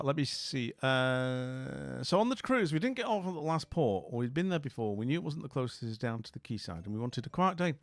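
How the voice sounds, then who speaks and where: A man's voice: fairly high pitch, no echo. A middle-aged man with a Scottish accent hosting a livestream, chatting casually, telling a story and reading chat aloud. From Scotland. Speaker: livestream host.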